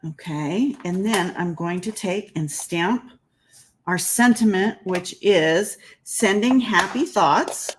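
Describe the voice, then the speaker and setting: A woman's voice: mid-range voice, takes it slowly, a little hiss or hum, poor audio. A woman giving a casual crafting tutorial, chatting as she works and laughing at her own slips. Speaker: card-making demonstrator.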